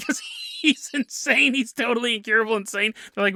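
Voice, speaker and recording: A man's voice: high voice, animated, fast, pushed and bright, no room sound, clean studio sound. A man hosting a podcast, telling a ghost story in a casual, joking way and laughing often as he acts out characters' lines. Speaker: podcast host.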